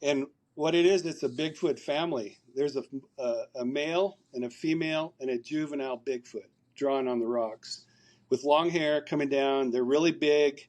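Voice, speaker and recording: A man's voice: medium pitch, normal speed, a little mellow. A man, a podcast guest, telling a long story over a remote call, rambling and repeating words as he recounts conversations.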